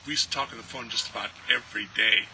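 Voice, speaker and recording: A man's voice: lowish voice, poor audio. Man giving a heartfelt memorial tribute. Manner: relaxed, many filler pauses. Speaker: family friend and actor. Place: outdoors at a ranch. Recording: steady background noise.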